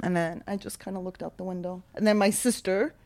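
A woman's voice: mid-range voice, a little fast, dry recording. A woman in her thirties from the United States, telling a story in a casual chat, acting out the people in it and laughing often. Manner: animated, acts out voices in anecdotes, laughs often.

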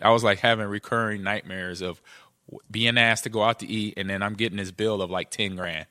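Talking fairly quickly in a clean, echo-free studio recording, a middle-aged podcast co-host who used to play football shares stories in a casual chat. He's animated, acting out the quotes with jumps in pitch.

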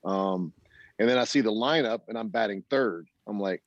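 Low-voiced man telling baseball stories. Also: normal speed, no echo, highs cut off. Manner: animated storyteller, acts out quoted voices, laughs often. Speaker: former baseball player, guest. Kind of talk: interview storytelling.

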